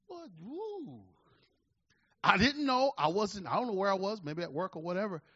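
Man in his forties, pastor, sermon, loud-to-hushed swings, fairly high voice, dry muffled sound. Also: big pitch swings, normal speed, breathy edge, no room sound. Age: 40s. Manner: preacher with call-and-response asides, swinging between loud and hushed.

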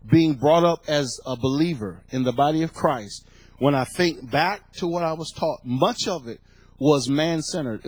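A middle-aged male pastor preaching a sermon, building to fervent shouts and repeating phrases for emphasis. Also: fairly high pitch, breathy edge, no room sound, low-quality recording.

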